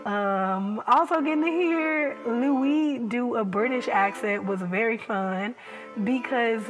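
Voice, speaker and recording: Casting: young woman vlogger, fairly high voice, unhurried delivery, chatty, animated, laughs a lot, soft music behind. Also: rough recording. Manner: chatty, animated, laughs often, many "like" fillers. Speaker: TV episode reviewer. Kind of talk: casual reaction vlog.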